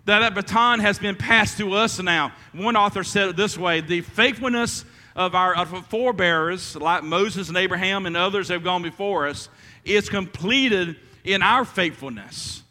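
A man's voice: high-pitched, moderate pace, bright, forceful tone, long reverb tail. A man preaching a sermon as pastor, stumbling through restarts and fillers and rising to emphatic calls.

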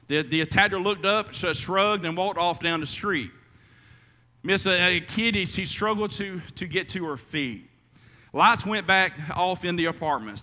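A man's voice: a little high, pushed and bright, long reverb tail. A man preaching a sermon as pastor, stumbling through restarts and fillers and rising to emphatic calls.

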